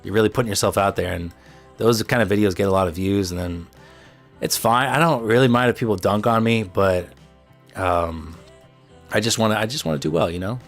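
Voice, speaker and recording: A man's voice: on the low side, a little fast, gravelly, faint music behind. A young man with a Chicago accent, chatting loosely with viewers on a livestream, full of fillers and blunt asides. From Midwest United States. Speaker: trading livestream host. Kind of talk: casual livestream chat answering viewers.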